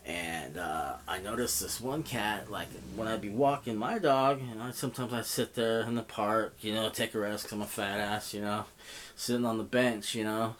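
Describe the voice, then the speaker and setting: Low-voiced man telling a rambling profane story. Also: normal speed, fairly bright tone, a little hiss or hum. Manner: profane, rambling, heavy with fillers. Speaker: vlogger. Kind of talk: casual storytelling.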